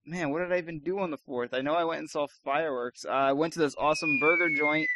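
A man chatting from home as a podcast co-host, laid-back and quick to laugh. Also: a little high, bright, forceful tone, dry recording. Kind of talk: casual chat.

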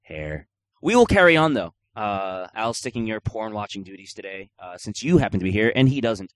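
A man's voice: lowish voice, animated, a little fast, dry recording. A man hosting a gaming podcast in casual chat, joking and rambling with lots of filler words. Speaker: podcast host.

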